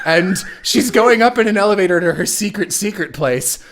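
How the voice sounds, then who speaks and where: A man's voice: sits high, animated, moderate pace, fairly bright tone. A man hosting a stream, casually recapping a plot in a sarcastic, rambling way with some swearing. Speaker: stream host. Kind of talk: casual chat.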